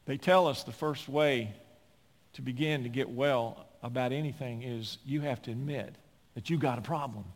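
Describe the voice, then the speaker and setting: A male pastor preaching a sermon with emphatic, folksy delivery, piling up repeated phrases and building toward near-shouting. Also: mid-range voice, normal speed. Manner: folksy asides and repeated words. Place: church sanctuary. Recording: long reverb of a large hall.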